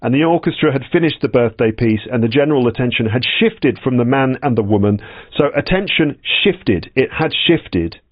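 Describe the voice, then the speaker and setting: A man's voice: medium pitch, lively intonation, dry recording. Man, English teacher, patient, repeats words, dull dry recording. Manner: slow, patient explanations with repetition. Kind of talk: explaining vocabulary from a story.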